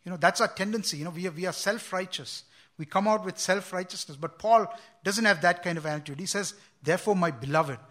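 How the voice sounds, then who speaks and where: A man's voice: high voice, fairly quick, a bit bright. A man preaching a sermon, earnest and repeating words as he quotes scripture with emphasis.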